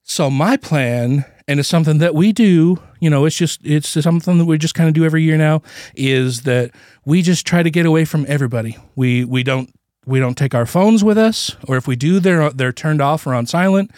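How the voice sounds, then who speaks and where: A man's voice: fairly high pitch, darkish tone, dry recording, studio quality, voice pushed down, natural voice. A man voicing a prim, aggrieved middle-aged pastor's wife who rambles and keeps restarting her sentences. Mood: earnest. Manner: rambling, halting, self-justifying.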